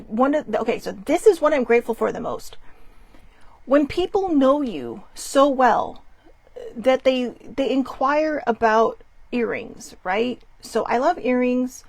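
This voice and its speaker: A young woman hosting a casual solo talk show from home, chatty and rambling, loud and theatrical. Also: high-pitched, creaky, dry recording. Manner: chatty, rambling and expressive, laughs often; calls herself loud and theatrical. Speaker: host. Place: at home in her bedroom.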